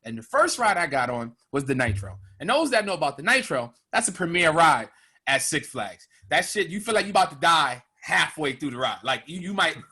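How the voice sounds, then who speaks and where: A man's voice: a little high, big pitch swings, a little fast, sharp tone, slightly rough. A man in his thirties hosting a podcast, telling a rowdy story in casual chat and addressing the audience directly. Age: 30s. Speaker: podcast host.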